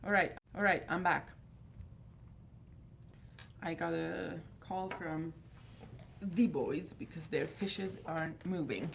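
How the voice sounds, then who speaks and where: A woman in her thirties hosts a livestream for a fragrance group, chatting casually in a rambling, candid, exasperated manner. Her voice is lowish and gravelly, slow with long pauses, and there's a little hiss or hum.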